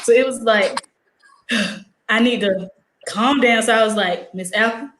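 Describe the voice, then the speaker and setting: A teenage girl and high school student, telling a story in casual chat, acting out the dialogue with lots of fillers. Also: slow pace, reverberant, slight background noise, low-quality recording. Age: teens. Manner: animated, acts out quoted dialogue, many "like" fillers.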